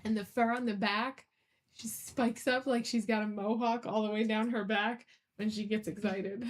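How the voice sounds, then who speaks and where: A woman's voice: a little high, steady tone, normal speed. A woman in a casual home vlog, talking to her cat in a playful, scolding and cooing way while she sews. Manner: playful baby-talk to a pet, scolding and cooing. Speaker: cosplay sewing vlogger. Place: home sewing room.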